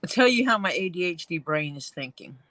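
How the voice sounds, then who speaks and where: A woman's voice: fairly low pitch, expressive, brisk, fairly bright tone, no echo. A woman streaming her leatherwork from a home basement workroom, chatting and thinking aloud as she works. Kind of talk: casual livestream chat while working.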